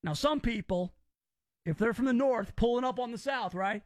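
A man's voice: extremely high pitch, normal speed, no echo, clean studio sound. A man from Memphis hosting a casual talk radio show, opinionated and rambling as he reacts to stories. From Memphis, Tennessee, US.

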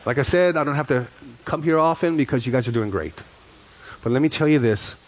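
A middle-aged man preaching as a pastor, telling stories in an animated way and repeating lines for emphasis. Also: medium pitch, a little fast, a little hiss or hum. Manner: animated, repetitive storytelling with rising emphasis. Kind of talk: sermon.

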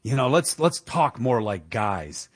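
A man's voice: medium pitch, big pitch swings, unhurried, husky, no room sound. Indignant male talk radio host, dry sound. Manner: indignant, emphatic, with chuckles. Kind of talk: political talk radio commentary.

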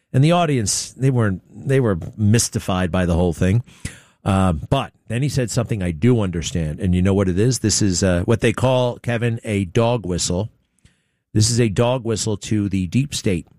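A male talk show host delivers opinionated commentary with a sarcastic, mocking edge. His voice sits a bit low, and the sound is dry and close. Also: lively intonation, normal speed, a little mellow, no room sound.

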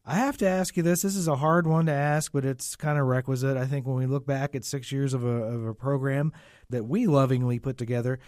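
A man's voice: mid-range voice, steady tone, brisk, darkish tone, no echo, clean studio sound. A man interviewing a guest on a radio show, asking questions in an easygoing, conversational way.

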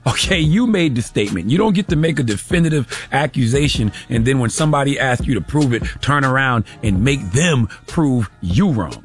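A man's voice: on the high side, big pitch swings, normal speed, hardly any pauses, breathy edge, faint music behind. Emphatic sarcastic male commentary host. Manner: emphatic, sarcastic, repeats "okay?". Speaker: radio show host. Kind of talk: opinion commentary monologue.

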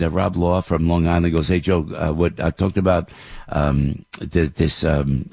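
An older male talk radio host with a deep, gravelly, slightly husky voice. He rambles from headline to headline with blunt opinions, stopping and restarting his sentences. The sound is dry and close to the mic. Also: darkish tone, dry recording. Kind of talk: talk radio news commentary.

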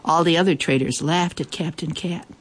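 Woman, children's story narrator, slightly low voice, lively and expressive with playful asides. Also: normal speed, slightly rough.

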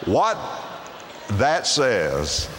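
A man's voice: wildly swooping pitch, drawn-out words, background noise. A man preaching a sermon to a congregation, acting out the voices in the scripture passages he reads. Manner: dramatic swoops in pitch, acting out scripture voices. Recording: long hall reverb.

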